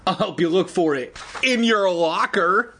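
A man voicing a big, smug teenage bully who mocks in a raised, husky voice. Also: high-pitched, a little slow, bright, forceful tone, pitched above the performer's own voice, heavily acted. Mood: mocking. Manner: mocking, smug.

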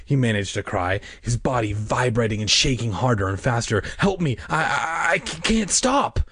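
A man's voice: on the low side, fairly quick, fairly bright tone, a little hiss or hum, lightly acted. A man playing a mischievous prankster boy. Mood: panicked.

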